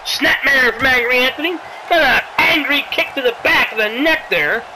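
A game commentator calling a wrestling video game play by play, excitable, sarcastic, yelling at big moves and pleading with the wrestlers. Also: sits high, normal speed, very noisy. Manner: sarcastic asides and mild swearing.

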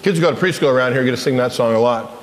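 A man leading a children's lesson in church as pastor, animated and asking the children questions. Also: mid-range voice, very fast, slight background noise. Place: church sanctuary. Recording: echoey church hall.

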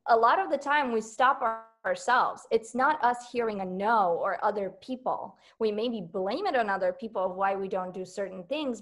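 A woman giving earnest, reflective motivational remarks. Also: fairly high pitch. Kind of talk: motivational talk.

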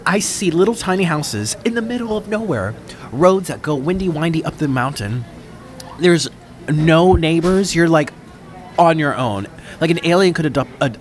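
A man telling a rambling, dramatic story while he eats on camera, talking casually into his microphone. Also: on the high side. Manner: rambling, chatty, dramatic, self-interrupting. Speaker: mukbang vlogger. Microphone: own microphone.

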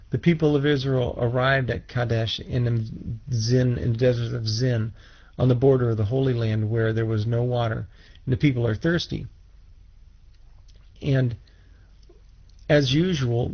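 A man teaching scripture in a measured way, restarting phrases and putting questions to his listeners. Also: mid-range voice. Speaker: Bible teacher. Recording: dull lo-fi recording.

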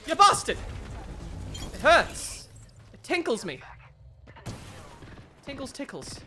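Lively, excitable woman gaming commentator. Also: high voice, takes it slowly, slight background noise. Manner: excitable, swears often, playful in-character boasting. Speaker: gaming video creator. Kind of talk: live gameplay commentary.

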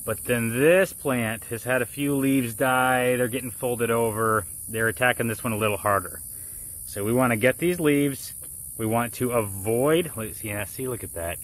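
A man chatting his way through a gardening demonstration outdoors. He explains each step in a relaxed, conversational way, often checking in with the listener. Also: mid-range voice, moderate pace, few pauses. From Florida. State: muffled by a face mask. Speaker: gardening vlogger. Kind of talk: casual how-to vlog.

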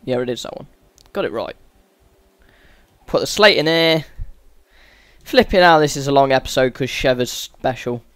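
A man's voice: medium pitch, animated, normal speed, long pauses, a bit bright, clean tone, no echo. A man giving sweary, exasperated running commentary over a video game as a gaming channel host. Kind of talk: let's-play game commentary.

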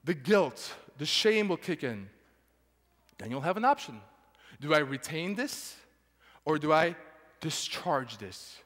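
A man's voice: on the high side, big pitch swings, slow pace, pauses often, a bit bright. A man preaching a sermon to his congregation, emphatic, often putting questions to the listeners. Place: church sanctuary. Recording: church hall with long reverb.

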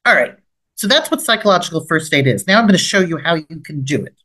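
A middle-aged woman giving an instructional training lecture on first aid for the mind, acting out short gentle approach lines in between. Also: low-pitched, fast, slightly rough. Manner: lively, rises sharply when acting out gentle approach lines. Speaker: trauma expert leading a training webinar. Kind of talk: instructional lecture with role-played examples.

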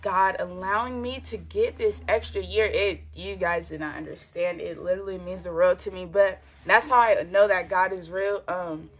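A woman's voice: on the low side, steady tone, moderate pace, few pauses, a bit bright. Young woman vlogger, emotional faith testimony, casual and repetitive, near tears, bedroom. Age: young adult. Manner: earnest, repeats phrases, casual slang and fillers. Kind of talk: personal faith testimony vlog. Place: her bedroom.

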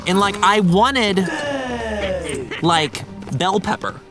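A man's voice: sits high, slow, music in the background. A young man hosting a casual gaming video, chatting animatedly, quoting people and saying "like" and "bro" a lot. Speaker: let's play host.

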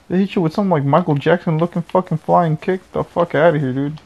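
A man's voice: on the high side, a little fast, vocal fry. A young adult man ranting and cursing angrily while commentating his own gameplay. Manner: angry profane ranting. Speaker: gamer. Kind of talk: game commentary.

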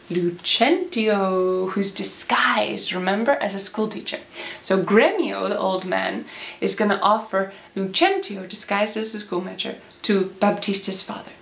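A woman's voice: medium pitch, creaky, slight background noise. A woman narrating a classic play with puppets in a playful, theatrical way. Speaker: storyteller. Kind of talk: animated storybook narration. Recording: echoey room.

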